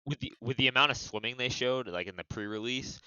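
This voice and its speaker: A man's voice: mid-range voice, fast talker, pushed and bright, smooth, no echo. A man talking as a podcast guest in casual chat, eager, with lots of "you know" fillers. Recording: dull, dry lo-fi audio.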